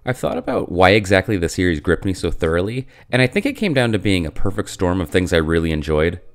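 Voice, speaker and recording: A deep-voiced man in his thirties talking straight to his viewers in a loose, jokey vlog. His voice is rough and worn from being sick. He rambles a little and pokes fun at himself. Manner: chatty, self-deprecating, jokey. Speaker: YouTube channel host. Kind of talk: casual talking-head vlog.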